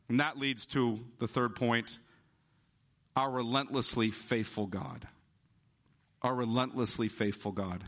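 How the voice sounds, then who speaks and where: Forceful, bright-voiced male preacher. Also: mid-range voice. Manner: emphatic preaching, slowing down to stress key words. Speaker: pastor. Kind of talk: sermon.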